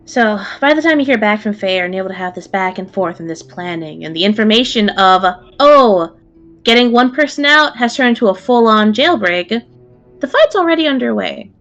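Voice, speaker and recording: A woman serving as game master, narrating a tabletop game in a lively, casual way with fillers. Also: a little high, dull audio.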